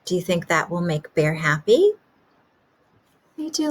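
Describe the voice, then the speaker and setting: Slow-talking kindergarten teacher, woman. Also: on the low side, very animated, husky. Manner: gentle questioning to young children. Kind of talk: teaching a class remotely.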